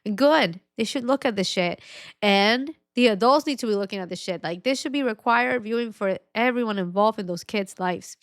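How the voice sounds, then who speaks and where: A woman's voice: medium pitch, moderate pace, no room sound. Emotional woman host, dry close sound. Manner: emotional, frank, swears often. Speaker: podcast host. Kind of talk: personal reflective monologue.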